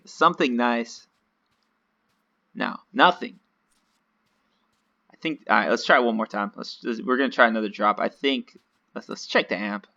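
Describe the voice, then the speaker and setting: A man's voice: mid-range voice, creaky, sharp tone, muffled recording. A man giving casual, rambling, self-mocking commentary while playing a video game. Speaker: gaming video host.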